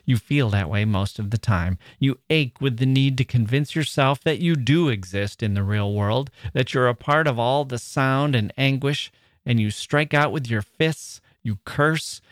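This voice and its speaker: A man reading a novel aloud in the first person, measured and expressive. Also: mid-range voice, no echo, clean studio sound. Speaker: reader.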